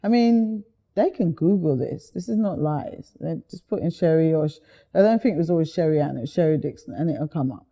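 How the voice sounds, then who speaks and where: A woman from the UK, an interview guest telling lively stories in a chatty, animated way. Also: deep voice, fairly quick. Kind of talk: animated storytelling.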